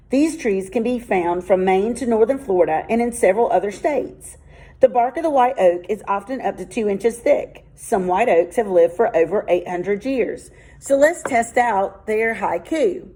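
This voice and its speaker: A woman's voice: mid-range voice, dark tone, breathy edge, poor audio. A woman teacher reading a children's book aloud and patiently explaining it, counting syllables out one by one. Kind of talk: children's read-aloud and lesson.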